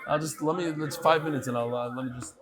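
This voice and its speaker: Male rabbi, upper-middle voice, animated and teasing, casual banter with the audience. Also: on the high side, fast, crowd noise. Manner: animated, teasing, calls out people by name. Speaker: rabbi leading a daily study class.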